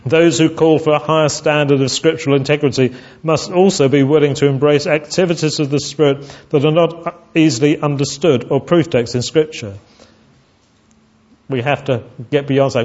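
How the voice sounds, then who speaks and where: A man's voice: on the high side, fairly even intonation, normal speed, darkish tone. Earnest male preacher, lo-fi sound. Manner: earnest, with frequent restarts and repeated words. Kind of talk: sermon.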